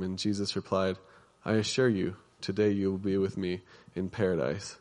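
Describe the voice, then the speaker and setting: A man's voice: low voice, flat delivery, moderate pace, a little mellow. A man giving a conversational sermon, chatty and informal, with frequent restarts and asides.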